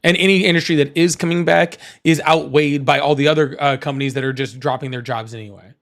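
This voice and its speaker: A young man hosting a casual political debate, blunt and argumentative, with rough, profane language. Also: on the high side, steady tone, fast. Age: young adult. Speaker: political show host.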